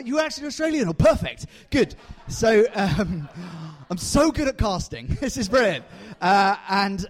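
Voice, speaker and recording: A man telling a comic story on stage, chatty and self-mocking as he pulls volunteers from the audience. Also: high voice. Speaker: comedian and storyteller. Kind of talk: live comedic storytelling. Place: comedy stage before a live audience.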